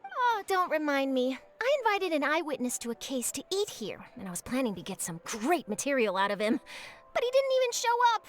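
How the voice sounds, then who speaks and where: A nosy young reporter. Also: female voice, sits high, sing-song, brisk, slight background noise. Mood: dramatic. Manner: theatrical, gossipy, mutters asides to herself. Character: nosy young female newspaper reporter, eager for scoops. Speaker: journalist. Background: game music.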